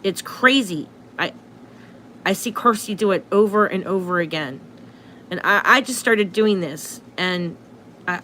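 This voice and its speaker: A woman's voice: fairly low pitch, sharp tone, slight background noise. A woman hosting a casual astrology livestream into her phone, chatty and self-interrupting.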